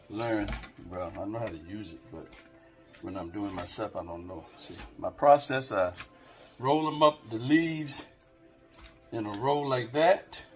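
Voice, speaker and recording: Slow-talking man demoing in his kitchen. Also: lowish voice. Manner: rambling, talks straight to viewers, lots of okays. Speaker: home cook filming a cooking video. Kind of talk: casual cooking demonstration to camera. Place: home kitchen. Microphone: camera on a tripod.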